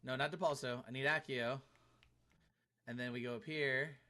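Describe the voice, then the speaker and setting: A man's voice: medium pitch, steady tone, moderate pace, pushed and bright. A man streaming a game live, chatting casually and laughing as he reads and answers his chat. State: tired arms after a workout.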